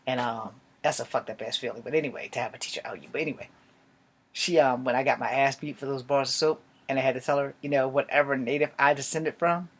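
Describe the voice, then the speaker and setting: A young man telling a funny personal story in casual, swearing storytime style, jumping from low mutters and whispers to loud outbursts. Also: fast, vocal fry. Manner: sometimes drops to a whisper. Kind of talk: casual profane storytime monologue.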